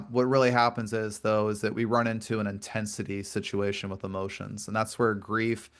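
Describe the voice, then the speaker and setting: A man's voice: fairly low pitch, fairly bright tone. A male podcast host in a conversational interview, explaining earnestly at length and often repeating words. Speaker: podcast host and grief coach.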